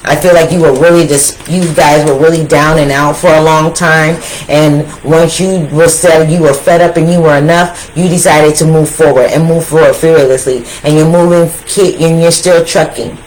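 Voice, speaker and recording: A woman giving a casual tarot reading, talking straight to her viewers in an animated, slangy way that repeats phrases for emphasis. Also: low voice, normal speed, hardly any pauses, a little hiss or hum, rough recording. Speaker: tarot reader.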